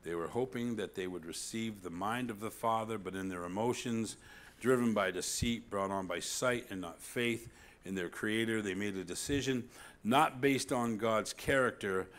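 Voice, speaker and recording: A man preaching a sermon as pastor, animated, swinging between loud emphasis and hushed asides, often asking the congregation "See?". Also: lowish voice, normal speed.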